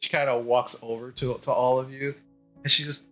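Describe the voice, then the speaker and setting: A man's voice: mid-range voice, steady tone, brisk, bright, forceful tone, faint music behind. A man narrating a tabletop game as game master, hesitant with many fillers.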